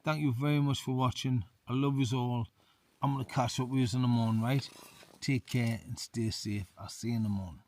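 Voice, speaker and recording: Medium in pitch, steady, brisk and darkish, this male voice comes with slight background noise. A tipsy English outdoor vlogger reviews beers to camera from a small tent in the winter hills. He rambles in a chatty way, leans on "mate" constantly and repeats himself.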